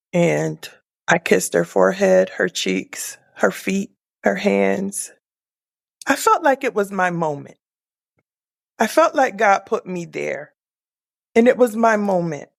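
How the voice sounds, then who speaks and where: A woman guest telling a deeply personal story, slowly and tenderly, with soft hushed moments and a reflective manner. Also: vocal fry. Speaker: podcast guest.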